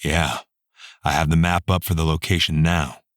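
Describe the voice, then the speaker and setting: A man's voice: rumbling low, flat delivery, normal speed, fairly bright tone, no room sound, clean studio sound. A man voicing a blunt, determined male bodyguard who served in the Army.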